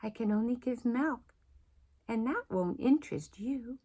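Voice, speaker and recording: A timid young cow from a picture book, as a woman reads her aloud. She sounds sweet and a little forlorn, with soft breath in her voice. Her unhurried lines swoop up and down in pitch. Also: expressive. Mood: sad. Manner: sweet, plaintive and hopeful.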